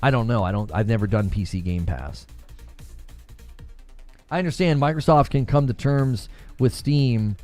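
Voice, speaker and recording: A man's voice: mid-range voice, normal speed, long pauses, a little mellow, faint music behind. A man hosting a casual gaming livestream, reading chat and talking back to it, laughing often.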